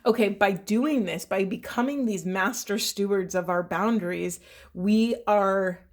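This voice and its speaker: A middle-aged woman talks softly through a spiritual card reading to her viewers. Her voice sits at an ordinary pitch, and her talk is earnest and meandering, filled with pauses, "um"s and gentle "right?"s. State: voice shaking with emotion. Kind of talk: intuitive card reading to camera.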